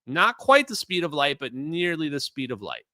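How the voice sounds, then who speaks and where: A man's voice: a little high, big pitch swings, moderate pace, sharp tone, no echo, studio quality. A middle-aged man commenting on clips during a live stream, emphatic and opinionated, talking straight to his chat.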